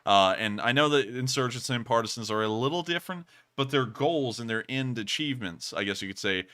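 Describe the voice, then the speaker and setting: A man's voice: medium pitch, expressive, a little fast, pushed and bright. A young man hosting a casual livestream, thanking donors with laughter and rambling asides. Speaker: livestream host.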